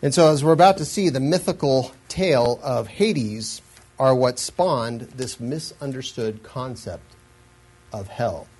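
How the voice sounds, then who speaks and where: A man's voice: medium pitch, a little slow, darkish tone, slightly rough, poor audio. A man giving an earnest, explanatory Bible lesson in a sermon style, with asides and frequent restarts. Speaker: Bible teacher.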